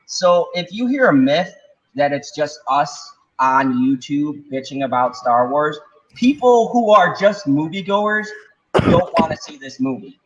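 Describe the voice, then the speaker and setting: A blunt man rants casually as host of a livestream, rambling from point to point and swearing freely. His voice sits a little high. The sound is dull and lo-fi. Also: animated, a little slow, a little hiss or hum. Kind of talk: casual ranting chat. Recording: dull lo-fi mic.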